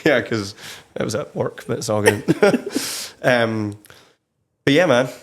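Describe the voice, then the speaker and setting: Young scottish guy talking loose, lots of "like", swears a bit, mid-pitch voice. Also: expressive, takes it slowly. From Scotland. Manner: rambling, swears casually, lots of "like". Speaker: guest, country songwriter. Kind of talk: casual interview chat. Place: studio.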